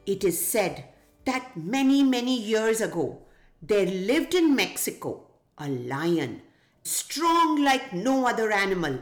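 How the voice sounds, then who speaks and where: A woman's voice: medium pitch, very animated, takes it slowly, echoey room, soft background music. A woman hosting a children's podcast, narrating a folktale and asking young listeners questions. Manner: gentle, asks children questions. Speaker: children's podcast host and storyteller.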